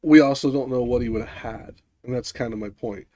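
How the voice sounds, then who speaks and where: A man's voice: mid-range voice, brisk, mellow. Argumentative man in casual discussion. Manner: argumentative, restarts often, swears for emphasis. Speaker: podcast co-host.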